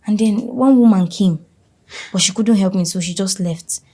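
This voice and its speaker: A young actress playing an anxious, dutiful daughter who talks softly and apologetically. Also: female voice, mid-range voice, normal speed, natural voice. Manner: soft, apologetic, half-whispered.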